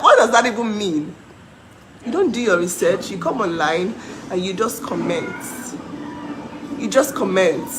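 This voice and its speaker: A woman's voice: medium pitch, a bit bright, a little hiss or hum, poor audio. A young woman from Nigeria ranting to her followers, indignant and mocking, breaking into disbelieving laughs. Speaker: vlogger. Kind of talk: heated live rant to followers.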